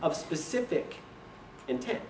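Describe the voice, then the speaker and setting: A man's voice: measured pace, slight background noise. A young man telling a story in a casual way, laughing often and acting out what other people said. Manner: animated, laughs often, quotes people in voices. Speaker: speaker telling his business story. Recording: roomy echo from a distant mic.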